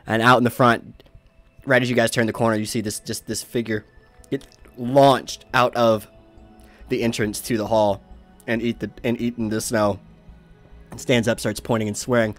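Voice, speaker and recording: A man's voice: medium pitch, flat delivery, moderate pace, pauses often, a bit bright, faint music behind. A man narrating as game master in a tabletop game, rambling through scenes with many fillers and restarts.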